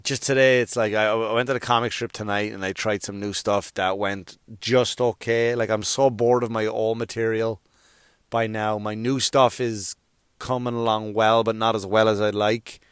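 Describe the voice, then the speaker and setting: Young male stand-up comic hosting his own podcast, loose, profane, rambling, restarts a lot; smooth tone, close and dry. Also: on the low side, level tone, moderate pace, no room sound. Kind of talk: casual rambling monologue. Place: around New York.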